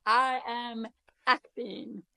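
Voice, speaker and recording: A woman's voice: fairly high pitch, steady tone, extremely slow, gravelly, bright, forceful tone, dry recording. A woman with a deaf accent, where some sounds come out a little different, chatting casually as an interview guest with lots of ums and self-deprecating humor. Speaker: guest author.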